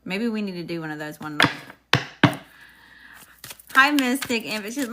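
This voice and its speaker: A woman's voice: medium pitch, lively intonation, normal speed, long pauses, bright, forceful tone, slight background noise. A woman doing a live tarot reading, chatting with viewers and calling out upbeat greetings. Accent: regional accent, unnamed. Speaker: tarot reader.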